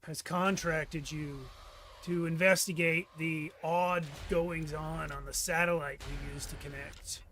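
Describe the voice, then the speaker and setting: A man voicing a grim, businesslike male gang member in a tabletop game, speaking formally with slow, measured hesitations. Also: on the high side, fairly even intonation, background noise.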